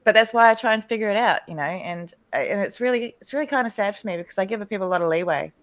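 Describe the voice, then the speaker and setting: A woman's voice: medium pitch, lively intonation, racing. A woman in a recovery meeting, speaking candidly and rambling a little, laughing now and then. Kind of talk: casual recovery group chat.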